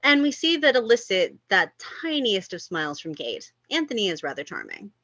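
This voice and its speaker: A woman reading stage directions at a table read, expressive with amused asides. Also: mid-range voice, moderate pace, dry recording. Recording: dull lo-fi sound.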